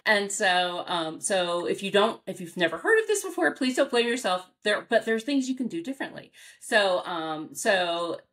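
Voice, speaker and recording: An American woman, a dog trainer, answering interview questions in a casual, animated way, acting out reactions with big jumps in pitch and laughing often. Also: normal speed, hardly any pauses. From United States. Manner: frequent fillers and restarts, laughs often.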